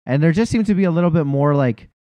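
A man's voice: on the high side, animated, fast talker, warm tone, no echo. A man in his forties chatting casually as a podcast co-host. His talk rambles, full of fillers and chuckles. The recording is dry and close, with no room sound. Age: 40s. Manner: rambling, heavy on fillers and laughs. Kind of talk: casual sports chat.

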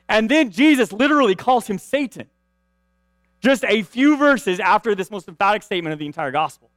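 A man's voice: sits high, animated, fairly quick, fairly bright tone, no echo. A man preaching a sermon in a conversational way, often asking "right?" and restarting his phrases. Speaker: pastor.

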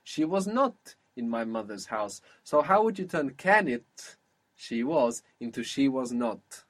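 A man teaching a one-on-one spoken language lesson, patiently explaining and modelling words slowly. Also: medium pitch, very animated.

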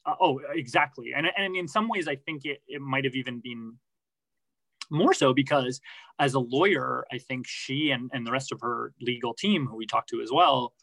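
A man's voice: mid-range voice, normal speed, vocal fry, pushed and bright, no room sound, low-quality recording. A man answering interview questions about his reporting, thoughtful, with many restarts and fillers. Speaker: podcast reporter, guest.

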